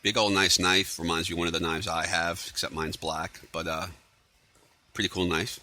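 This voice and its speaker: A man's voice: deep voice, flat delivery, moderate pace, bright, forceful tone. A man casually recapping a TV episode on his own, rambling with lots of fillers and sarcastic asides. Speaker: TV recap vlogger.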